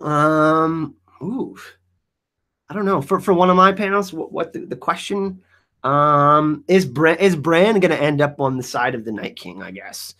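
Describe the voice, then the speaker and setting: A hyped-up man answers a live chat in a casual stream Q&A. His voice sits fairly high and he rambles, often restarting his sentences. The energy stays up throughout. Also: unhurried, bright, forceful tone. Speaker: YouTube channel host.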